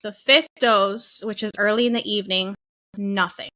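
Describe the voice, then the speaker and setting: A woman's voice: medium pitch, moderate pace, poor audio. A woman co-hosting a podcast, telling a personal story in casual chat and acting out what others said. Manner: animated, acts out quoted voices, swears casually. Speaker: podcast co-host.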